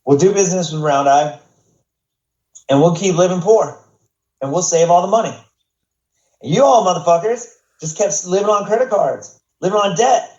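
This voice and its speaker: A man's voice: high-pitched, moderate pace, pauses often, darkish tone, pitched above the performer's own voice, natural voice. A man putting on a blunt, rich old businessman. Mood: lecturing. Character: rich older male businessman, blunt and lecturing. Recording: roomy, dull podcast audio.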